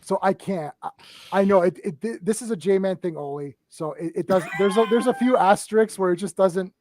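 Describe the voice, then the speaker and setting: A man hosting a casual podcast chat, telling stories in an excitable, self-mocking way. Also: high voice, fairly quick, a little hiss or hum. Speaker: podcast host.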